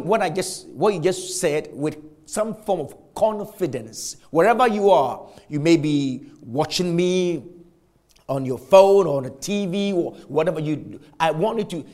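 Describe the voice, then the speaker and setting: Male preacher, high and lively voice, slow dramatic delivery, sermon to a congregation. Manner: dramatic, drawn-out emphatic preaching with big pitch swings. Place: church, with the sermon also streamed.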